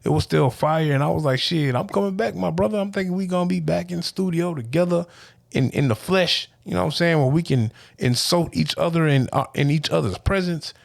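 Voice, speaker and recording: A man's voice: on the high side, fairly quick, gravelly, dry recording. A man, co-hosting a podcast, teasing and trash-talking in casual banter over a call. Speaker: podcast co-host. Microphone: remote call.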